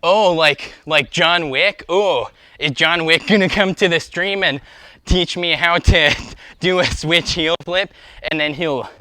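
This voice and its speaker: A man's voice: on the high side, slow pace, bright, forceful tone, no room sound. Young man, livestream host, rambling, lots of fillers, upbeat, slightly out of breath, dry close sound. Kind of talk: casual livestream chat while skateboarding. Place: outdoors skating.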